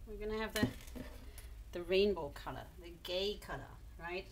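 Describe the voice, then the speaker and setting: A woman's voice: fairly low pitch, moderate pace, noisy background. A woman from England coaxing her cat into posing for photos, cooing and encouraging it along. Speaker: pet owner filming her cat. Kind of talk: coaxing talk to a pet.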